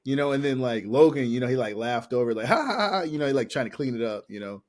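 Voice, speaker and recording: A man's voice: medium pitch, fast talker, darkish tone. A man co-hosting a podcast, chatting casually in a rambling, slangy way and often repeating himself. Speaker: podcast co-host. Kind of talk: casual chat.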